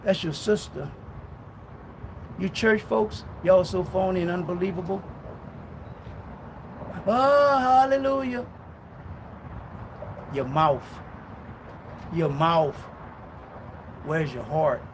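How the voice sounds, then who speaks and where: A man preaching a sermon in a loud, fiery way, swinging between shouting and low muttering. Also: expressive, slow pace, pauses often, a little hiss or hum, rough recording. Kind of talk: street-style sermon.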